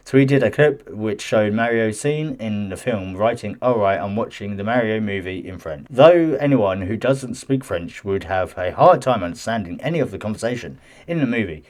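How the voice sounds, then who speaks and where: A man with a fairly low voice talks through gaming news in a loose, chatty way. He reads an article aloud, breaking off for defensive asides and often tripping over his words. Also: animated, moderate pace, a little mellow. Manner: chatty and defensive, stumbles and restarts while reading. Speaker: gaming news channel host. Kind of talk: casual commentary mixed with reading news aloud.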